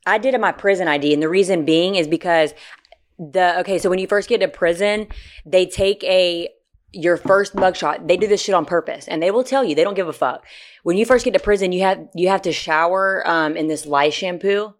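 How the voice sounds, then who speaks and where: Woman cohost chatting loose, swearing a lot, lively storyteller, lowish voice. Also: brisk. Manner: animated, profane storytelling. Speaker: podcast co-host. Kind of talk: casual chat.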